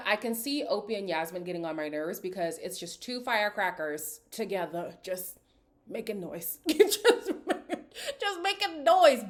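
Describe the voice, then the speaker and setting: A woman talking through a reality dating show in a chatty, opinionated way, with a pitch that sits in the middle range. She speaks casually and directly to her audience and keeps the conversation loose and personal. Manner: opinionated, chatty, slips into quoted voices. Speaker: reality TV recap host. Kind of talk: casual reaction commentary.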